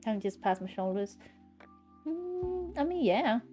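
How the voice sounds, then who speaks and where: A woman's voice: medium pitch, expressive, brisk, warm tone, soft background music. A woman streaming live from home, chatting casually in a blunt, ranting way and swearing freely.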